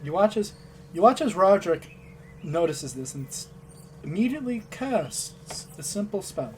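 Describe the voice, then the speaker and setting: A man's voice: sits high, expressive, moderate pace. Guy running a tabletop game, narrates loose and casual, a bit of hiss behind. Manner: casual, repeats words when narrating. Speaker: game master. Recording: faint background noise.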